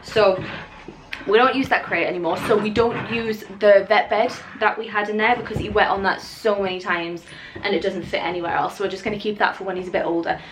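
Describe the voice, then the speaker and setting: A woman's voice: mid-range voice, fairly even intonation, brisk, slight background noise. A young woman chatting casually to camera at home, rambling and breaking off now and then to talk to her puppy. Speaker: vlogger. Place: home living room.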